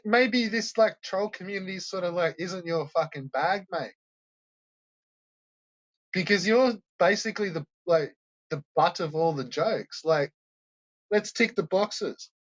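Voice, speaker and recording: A man's voice: sits high, unhurried, long pauses, fairly bright tone, muffled recording. A man hosting a stream, ranting and mocking viewers with constant swearing. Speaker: host of a troll-reaction stream. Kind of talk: profane ranting commentary.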